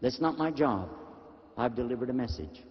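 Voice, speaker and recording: A man's voice: medium pitch, expressive, normal speed. A male Islamic preacher giving a sermon to an audience, emphatic and asking his listeners rhetorical questions. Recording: dull lo-fi recording with long reverb in a hall.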